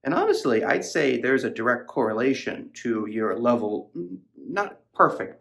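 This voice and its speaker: A man's voice: medium pitch, vocal fry, fairly bright tone. A man hosting a podcast, rambling casually about a novel in a profane, filler-heavy way. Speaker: podcast host reviewing a novel. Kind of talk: casual book discussion.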